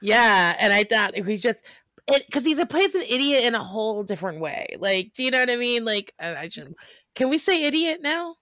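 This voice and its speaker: A woman co-hosting a podcast in casual chat, playful with quick reactions. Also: a little high, very animated, pushed and bright, dry recording, studio quality. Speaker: podcast co-host.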